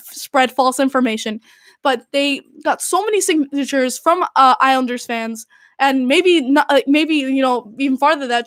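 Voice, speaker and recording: A woman's voice: sits high, no room sound, studio quality. A young woman, hosting a podcast and retelling events in a casual, exasperated way with lots of "like". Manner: animated, exasperated storytelling full of "like". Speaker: podcast host. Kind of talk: casual recounting.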